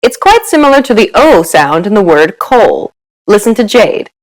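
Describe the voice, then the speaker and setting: A woman's voice: medium pitch, very animated, normal speed, low-quality recording. A woman giving scripted narration for a pronunciation lesson, upbeat and encouraging.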